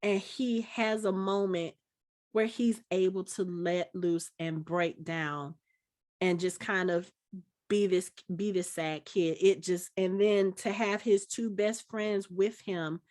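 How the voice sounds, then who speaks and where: Animated woman retelling a movie. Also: on the low side, takes it slowly. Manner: animated storytelling, acting out movie scenes. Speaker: podcast co-host. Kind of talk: casual chat.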